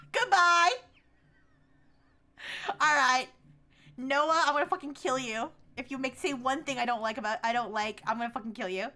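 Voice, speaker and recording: Brash woman streamer, high-pitched, needles her guests loudly. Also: steady tone, brisk. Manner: brash, teasing, loud outbursts. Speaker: VTuber streamer. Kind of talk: livestream chat with AI voices.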